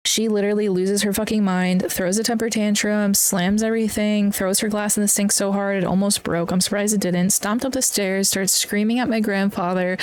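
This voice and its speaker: Young woman podcaster ranting through a rough story, swears constantly, smooth clear voice, mid pitch. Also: steady tone, normal speed, hardly any pauses, a little mellow. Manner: blunt and heavily profane, upset while recounting. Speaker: podcast host. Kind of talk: personal storytelling.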